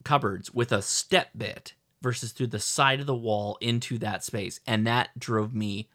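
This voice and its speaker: A middle-aged man co-hosting a podcast, telling a rambling, animated story with lots of restarts. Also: medium pitch, a little slow. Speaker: podcast co-host. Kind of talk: casual chat.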